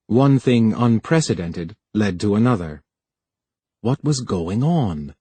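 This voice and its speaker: A man narrating an audiobook in a measured storytelling manner, close to the mic. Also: medium pitch, darkish tone, breathy edge, no room sound. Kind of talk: scripted narration.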